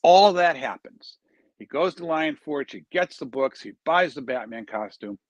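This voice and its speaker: A man's voice: a little high, expressive, measured pace, dry recording, highs cut off. A man, a charity founder, telling an earnest story in an interview and acting out the quoted dialogue.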